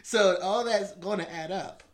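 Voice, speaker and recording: A man's voice: high-pitched, unhurried. A man in casual chat who probes with pointed questions and keeps steering the talk. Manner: probing, asks pointed questions.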